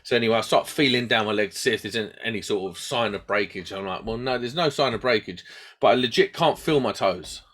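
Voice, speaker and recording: With a lowish voice and a quick pace, a podcast co-host tells a story in a relaxed chat. He gets animated, acts out quoted dialogue in different voices, and laughs at himself along the way.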